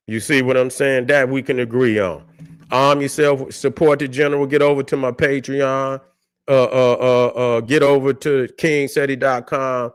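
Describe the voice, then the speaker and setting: A man's voice: mid-range voice, no room sound, studio quality. A man hosting a livestream, ranting in a combative, profane way and answering chat, with a constant refrain checking that listeners follow. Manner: combative, profane, keeps repeating "you see what I'm saying". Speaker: livestream host.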